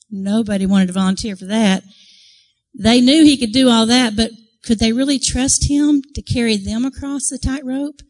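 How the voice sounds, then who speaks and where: A woman's voice: a little high, a little mellow, low-quality recording. A woman giving a devotional talk to a church group, telling a story earnestly and acting out the crowd's reactions. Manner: earnest, conversational, asks the audience questions. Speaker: women's ministry speaker.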